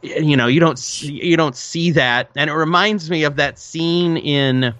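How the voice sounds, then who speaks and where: A man's voice: a little high, a little slow, fairly bright tone, no room sound, dull audio. A man co-hosting a podcast, chatting casually and eagerly about a film and series. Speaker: podcast co-host. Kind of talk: casual recap discussion.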